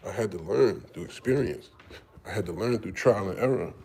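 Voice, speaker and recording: A man's voice: lowish voice, fairly quick, a little mellow, slightly rough. Candid New man telling stories. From Harlem, New York. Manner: candid, profane, acts out quoted voices. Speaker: podcast host. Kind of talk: casual storytelling talk.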